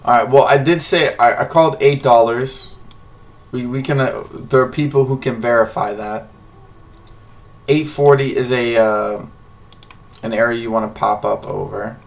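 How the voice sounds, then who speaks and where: A man's voice: mid-range voice, fairly even intonation, normal speed, vocal fry, pauses often. Casual man riffing over live charts. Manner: loose, joking, thinking aloud with restarts. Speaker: stock trading livestream host. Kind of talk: casual live trading commentary.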